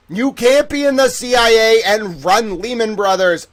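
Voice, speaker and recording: A man hosting a livestream in casual chat, animated, exclamatory and jokey. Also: high voice, a little slow, few pauses. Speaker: livestream host.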